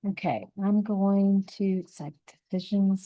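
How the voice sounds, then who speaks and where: A woman giving a relaxed, encouraging step-by-step painting lesson, thinking aloud as she paints. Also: mid-range voice, measured pace, few pauses, low-quality recording. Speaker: painting instructor.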